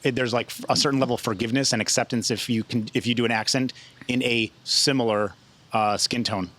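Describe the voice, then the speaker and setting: A man's voice: mid-range voice, steady tone, fast, a bit bright. A man hosting a podcast, chatting casually with frequent restarts and laughter. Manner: hesitant, many restarts, laughs often. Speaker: podcast host. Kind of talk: casual chat.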